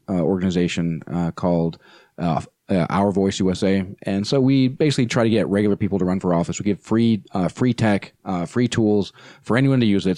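A man who is a nonprofit spokesperson, telling an animated story as a podcast guest with many fillers and restarts. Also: lowish voice, no echo, clean studio sound.

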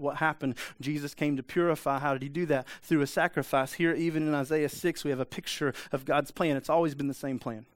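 A man preaching a lively, emphatic sermon. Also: on the high side, no room sound. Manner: emphatic, conversational preaching with rhetorical questions. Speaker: pastor.

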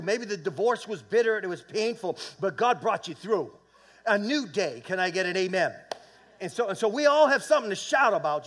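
A man with a high voice preaches a sermon in a church. He builds into loud, fervent bursts and calls on the room for amens. He often repeats and restarts words as he goes. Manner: fervent preaching with swells of volume and call-and-response. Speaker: pastor. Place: church sanctuary.

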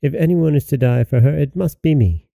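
A man's voice: fairly high pitch, fairly quick, vocal fry, mellow, dry recording, pitched above the performer's own voice. A man voicing a small, devoted male dog in a storybook reading, speaking proudly and insistently.

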